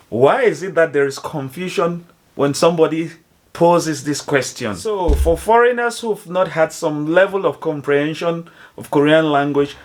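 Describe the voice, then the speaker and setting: A man explaining phrases to foreigners in a slow, careful teaching manner, spelling out each example. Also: on the high side. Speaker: language teacher.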